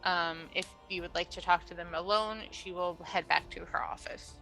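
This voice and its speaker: A woman's voice: on the low side, fairly even intonation, moderate pace, vocal fry, bright, forceful tone, soft background music, poor audio. A woman game master giving casual, filler-heavy narration of a tabletop game.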